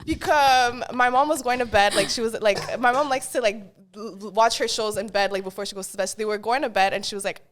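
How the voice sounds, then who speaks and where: A woman's voice: fairly high pitch, fast, few pauses. Bilingual woman telling stories. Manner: switches freely between English and French, animated and laughing. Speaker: podcast guest. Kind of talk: casual storytelling chat.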